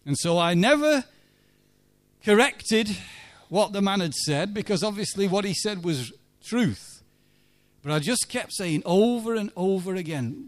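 A man's voice: sits high, lively intonation, unhurried. A church minister telling a chatty story in a sermon and asking his listeners for agreement. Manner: chatty, anecdotal, asks the congregation for agreement.

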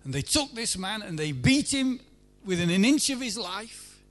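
A man preaching a sermon at a church meeting, emphatic, swinging between loud pleading and hushed lines. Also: sits high, big pitch swings, normal speed.

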